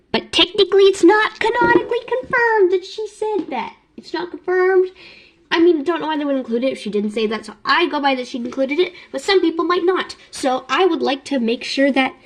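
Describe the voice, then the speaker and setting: A young woman vlogging casually, talking fast, rambling and interrupting herself with giggles. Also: high-pitched. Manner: giggly and chatty. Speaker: YouTube vlogger. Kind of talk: casual ranking vlog.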